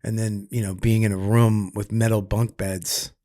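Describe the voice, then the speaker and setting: A man's voice: lowish voice, moderate pace, no room sound, clean studio sound. Profane man telling stories. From Massachusetts, US. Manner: profane, animated, acts out quotes loudly. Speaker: guest comedian. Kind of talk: candid storytelling interview.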